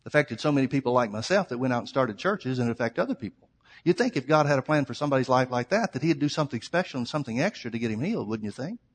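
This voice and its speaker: A male pastor preaching a sermon, telling a story and swinging between loud, fervent preaching and quiet asides. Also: medium pitch. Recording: long hall reverb.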